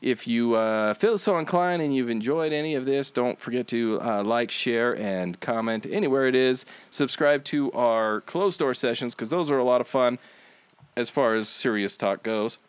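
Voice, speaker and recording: A man's voice: medium pitch, normal speed, smooth, no room sound. A man hosting a podcast in casual chat, laid-back and rambling, swearing freely. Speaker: podcast host.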